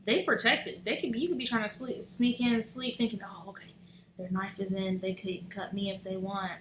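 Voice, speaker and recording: Casting note: bright, blunt woman, casual tarot reader, echoey room, faint hiss. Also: mid-range voice, fairly even intonation, fairly quick. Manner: chatty, blunt, swears freely. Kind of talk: casual tarot reading to camera.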